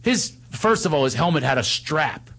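A man hosting a casual chat, telling animated stories and laughing often. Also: a little high, moderate pace, gravelly. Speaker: host.

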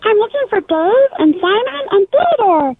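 Figure: a woman doing a squeaky cartoon chipmunk. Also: very animated, narrow, tinny audio, crowd noise, heavily acted. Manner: squeaky and slow. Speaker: caller.

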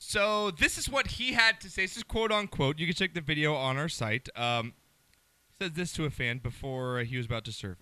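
Bright-voiced joking radio host, man. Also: a little high, dry recording. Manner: joking, quick, laughing often. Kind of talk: casual radio banter.

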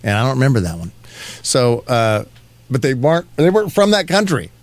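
A man's voice: mid-range voice, big pitch swings, brisk, no room sound. A man hosting a radio show, chatting casually and teasing his co-host with jokes. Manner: teasing, joking.

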